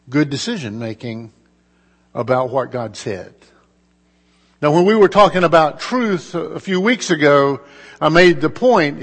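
A man preaching a sermon as pastor, in a measured style with emphatic pauses and conversational asides. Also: on the high side, long reverb tail.

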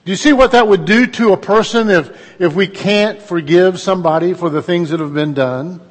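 A man's voice: high-pitched, normal speed, in a large hall. A middle-aged man, preaching a conversational sermon in a folksy, storytelling way and putting questions to his listeners.

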